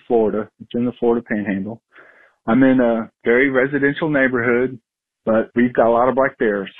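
Husky man telling a story over the phone. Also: mid-range voice, dry recording. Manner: animated, acts out his yelling. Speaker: caller. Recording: tinny phone line.

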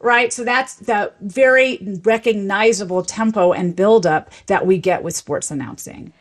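A woman's voice: mid-range voice, measured pace. A woman linguist, a guest expert, explaining eagerly in an interview and laughing often. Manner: enthusiastic, lecturing, laughs often.

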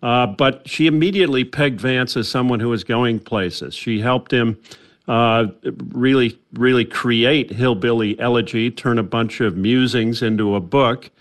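A man's voice: medium pitch, measured pace. Man journalist speaking as a radio guest. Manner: conversational, frequent restarts. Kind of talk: radio news interview.

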